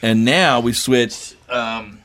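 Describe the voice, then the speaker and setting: A man's voice: mid-range voice, takes it slowly, a bit bright. A man, co-hosting a podcast in a rambling, chatty way. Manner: rambling, chatty, joking about bourbon. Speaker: podcast co-host. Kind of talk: casual podcast chat.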